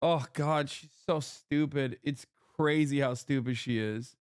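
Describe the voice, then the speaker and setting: A man streaming live, reacting with loud, mocking, animated rants. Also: medium pitch, a little slow, smooth, no room sound, clean studio sound.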